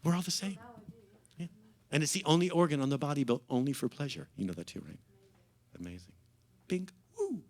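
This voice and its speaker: A man's voice: fairly high pitch, very animated, a little fast, pauses often, a little mellow. A middle-aged American man doing stand-up in a comedy club, teasing the crowd in a camp, sardonic way. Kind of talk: stand-up set, crowd work.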